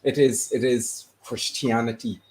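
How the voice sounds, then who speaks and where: A man's voice: medium pitch, steady tone, a little slow, darkish tone, low-quality recording. A man from the Caribbean speaks in a casual discussion. He is hesitant and careful, stumbling over repeated words as he builds his argument. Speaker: guest on a discussion stream. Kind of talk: casual chat.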